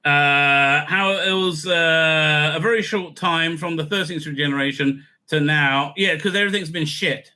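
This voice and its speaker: A man's voice: fairly high pitch, unhurried, hardly any pauses, sharp tone. A man reading an article aloud and breaking in with sarcastic, scornful, profane asides. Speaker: online commentator.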